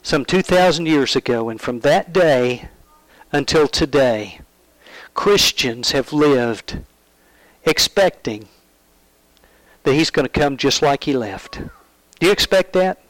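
A man preaching a sermon, retelling a Bible story in a storytelling manner, asking the listeners questions and dropping to hushed tones. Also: mid-range voice, expressive, takes it slowly, pauses often, dry recording, poor audio.

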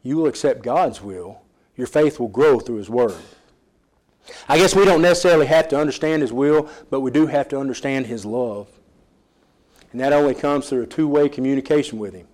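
A man preaching a sermon, earnest, with emphatic rises and soft drops. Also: mid-range voice, a little fast. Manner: earnest, rising to emphatic peaks.

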